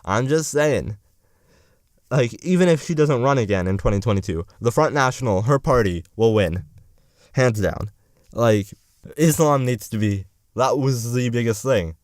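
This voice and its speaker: A man's voice: medium pitch, lively intonation, unhurried, darkish tone, dry recording, clean studio sound. A young man in college rambling through a profane, sarcastic political rant as a vlogger. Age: young adult.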